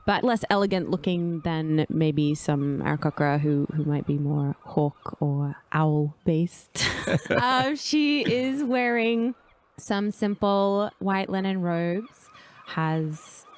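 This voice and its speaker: A woman's voice: on the low side, animated, takes it slowly, darkish tone. A woman playing a timid young bird-folk novice nun in a tabletop game, speaking hesitantly in her own voice. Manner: hesitant, nervous-sounding character voice. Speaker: player. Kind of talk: tabletop role-play, in character.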